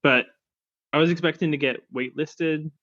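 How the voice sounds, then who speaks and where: A man's voice: a little high, fairly even intonation, normal speed, fairly bright tone. Young guy rambling thru a story on a podcast, lots of likes and restarts, kinda muffled lo-fi sound. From Phoenix, Arizona. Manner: rambling, filler-heavy storytelling with many restarts. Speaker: podcast panelist, pharmacist. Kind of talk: casual chat, storytelling.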